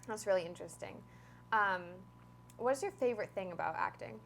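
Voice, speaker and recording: A woman's voice: medium pitch, lively intonation, brisk, a bit bright, slight background noise. A young adult woman interviewing a fellow actor in a friendly, chatty way, with plenty of fillers. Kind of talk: casual interview chat.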